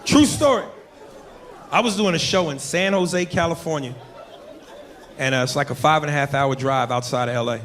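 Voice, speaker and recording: A man doing a stand-up comedy set, loud and animated, with profane, punchy crowd address and bursts of shouted grunting noises. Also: a little high, moderate pace, pauses often. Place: comedy club stage. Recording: echoey club with audience ambience.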